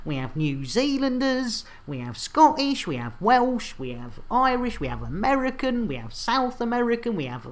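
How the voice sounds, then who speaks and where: Lively, jokey British woman streamer. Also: a little high, normal speed, hardly any pauses. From United Kingdom. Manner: jokey and chatty, laughs often, repeats catchphrases. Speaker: game streamer host. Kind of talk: casual gaming livestream chat.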